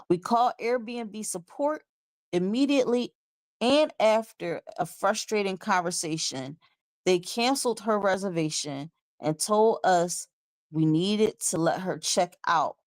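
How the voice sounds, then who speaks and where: A woman hosting a talk show, reading an account aloud and reacting with animated, incredulous asides. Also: lowish voice, no echo. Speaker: show host. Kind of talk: reading a story aloud and reacting, casual commentary.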